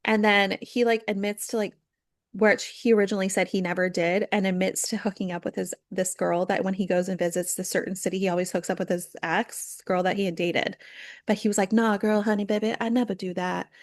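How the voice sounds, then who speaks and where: A young woman gossips her way through reality TV recaps, slipping into quick impressions of the people she talks about. The recording is dry and close, with no room sound, and her voice sits at a middle pitch. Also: no room sound. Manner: chatty, animated, acts out quotes with lots of "like". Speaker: podcast co-host. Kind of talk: casual chat recapping reality TV.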